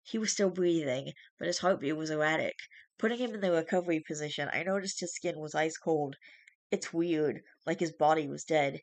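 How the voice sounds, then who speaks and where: With a mid-range voice and a fairly quick delivery, a streamer narrates a first-person horror story steadily, with a few small restarts. The recording sounds dry.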